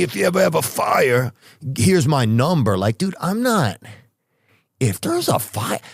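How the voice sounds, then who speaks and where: Rambling lower-voiced man telling stories. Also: a little mellow, dry recording, clean studio sound. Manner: rambling, with trailing restarts and asides. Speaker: podcast host. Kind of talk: comedic storytelling monologue.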